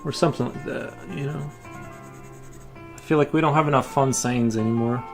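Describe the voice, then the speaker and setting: A man's voice: mid-range voice, moderate pace, music in the background. A man chatting casually with his viewers while drawing on a livestream, rambling with frequent restarts. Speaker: livestream artist.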